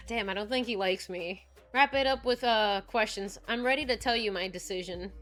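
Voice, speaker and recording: A woman's voice: medium pitch, moderate pace, fairly bright tone, soft background music. Playful woman reacting to a game. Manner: playful, flirty, giggly. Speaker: let's-play host. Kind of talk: reading and reacting to a visual novel.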